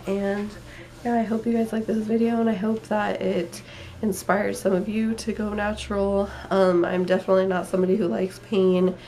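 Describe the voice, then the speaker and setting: A woman's voice: mid-range voice, level tone, moderate pace, dark tone, slight background noise. A young woman vlogger telling a personal story in a rambling, emotional way, tired and full of fillers.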